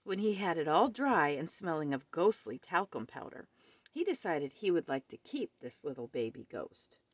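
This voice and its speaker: A woman reading a children's picture book aloud at home with expressive storytelling. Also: low-pitched, moderate pace, dry recording.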